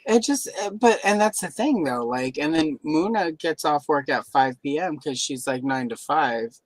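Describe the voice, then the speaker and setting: A man with a fairly high voice tells workplace stories in a relaxed live-stream chat. He slips into the voices of the people he quotes. The sound is dry and close. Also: moderate pace, no room sound. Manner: animated storyteller who acts out quoted voices. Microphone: live stream microphone.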